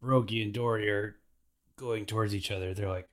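A man's voice: lowish voice, fairly even intonation, normal speed. A man hosting a podcast, recapping anime episodes in a laid-back, slangy way.

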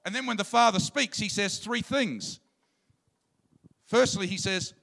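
A man preaching a sermon in an animated way, sometimes bursting into loud shouts. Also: sits high, a little slow, vocal fry.

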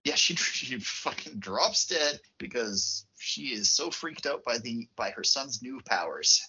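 A man co-hosting a podcast, retelling a film with animated, excitable storytelling. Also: mid-range voice, unhurried, slight background noise. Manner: animated storytelling, laughs easily. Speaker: podcast co-host. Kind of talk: casual chat. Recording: muffled lo-fi podcast audio.

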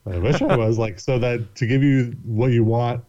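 A man spins a long, rambling story as a podcast guest, animated and quick to swear and laugh. His voice is dark and mellow, and the recording sounds slightly dull. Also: mid-range voice. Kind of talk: casual storytelling.

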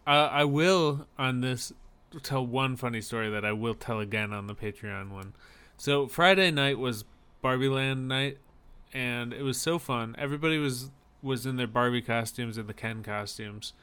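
A man's voice: medium pitch, normal speed, sharp tone, smooth. A young man co-hosting a podcast, chatting casually and telling a story while acting out the people in it. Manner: storytelling, acts out quoted people. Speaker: podcast co-host. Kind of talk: casual chat.

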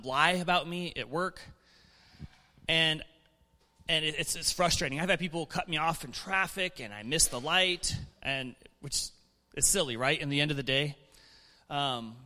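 A man preaching a sermon in a relaxed, conversational way, chuckling and restarting his sentences as he reads and explains scripture in church. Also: fairly high pitch, long reverb tail.

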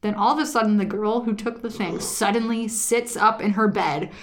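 A woman's voice: medium pitch, normal speed. Woman in her twenties, podcast co-host, laughs through casual storytelling. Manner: giggly, animated storytelling with frequent laughs. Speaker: podcast co-host reading listener stories. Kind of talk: casual chat.

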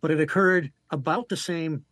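A man, a regular on a talk show, relaxed and storytelling with many fillers as he gives a report. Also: a little high, normal speed, no room sound. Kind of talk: casual radio talk and report.

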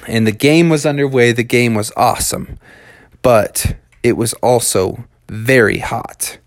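A man's voice: medium pitch, no room sound. A man telling a made-up story to children in a loose, chatty way, with slang and fillers.

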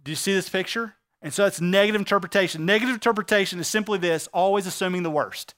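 A man preaching a sermon as a pastor, earnest and emphatic, slowing down to stress key phrases. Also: sits high, fairly bright tone.

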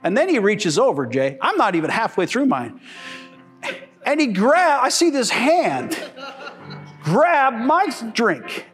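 Animated male preacher over soft music. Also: measured pace, long pauses. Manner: animated preaching with jokes, sudden high shouts and laughs. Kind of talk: sermon.

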